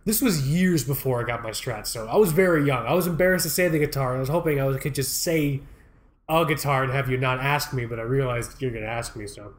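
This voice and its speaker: A man's voice: medium pitch, fast. A young man in casual podcast chat, telling stories with lots of swearing, laughter and acted-out quotes. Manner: animated storyteller, swears, laughs often, acts out quotes.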